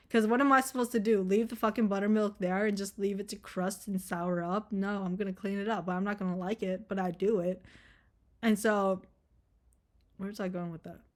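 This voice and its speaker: Blunt, rambling young woman vlogger. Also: medium pitch. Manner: blunt, profane, rambling with many fillers. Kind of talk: casual rambling monologue.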